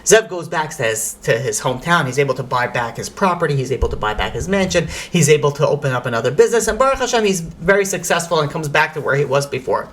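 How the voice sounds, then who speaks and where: A rabbi telling a story in a lively lecture, sprinkling in Hebrew and Yiddish phrases. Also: male voice, a little high, fast talker, few pauses.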